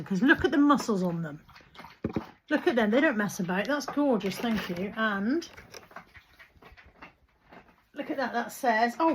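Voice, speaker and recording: A woman talking casually to camera in a chatty, rambling, self-deprecating vlog. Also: on the high side. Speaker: vlogger. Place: in a car, then at home. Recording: dull recording with clear background noise.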